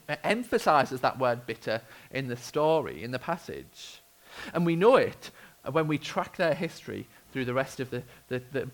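A British man preaching a sermon with a lively, swooping delivery. His voice has a gravelly edge, and he tells the story with wry humour and vivid expression. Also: mid-range voice, rough recording. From United Kingdom.

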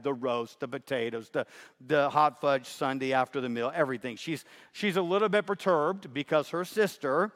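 Man preaching in a reverberant hall. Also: a little high. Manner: conversational, repeats himself, emphatic. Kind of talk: sermon.

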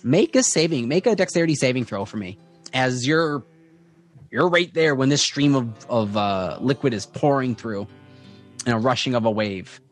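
A male game master narrates a tabletop game at a mid pitch, pausing often and restarting his sentences. Faint music plays behind him. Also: expressive. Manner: descriptive, hesitant, with many fillers.

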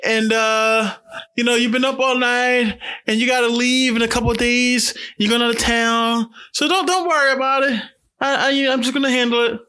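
A syrupy, high put-on voice of a middle-aged mother sweetening every word, a man doing her in casual banter. The tone is bright, with sharp edges on the sweetness. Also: level tone, normal speed. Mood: reassuring. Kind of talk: comedic impression in casual podcast chat.

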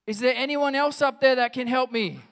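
A man's voice: high-pitched, moderate pace, long reverb tail, pitched above the performer's own voice, close to an everyday voice. A man voicing a desperate man stuck in a pit who cries out and pleads for help. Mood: pleading. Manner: pleading, crying out.

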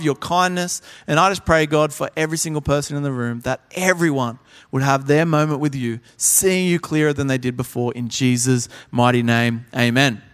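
A young man preaching a sermon at a conference, telling stories with animated energy and acting out the people in them. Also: fairly high pitch, smooth, long reverb tail. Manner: animated storyteller, acts out voices. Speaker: pastor. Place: large conference hall.

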